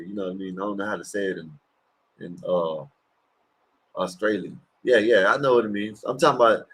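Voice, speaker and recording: A man's voice: fairly low pitch, brisk, a bit bright, husky. A man hosting a livestream, giving rambling, crude, mocking reactions to clips. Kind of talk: casual profane reaction commentary.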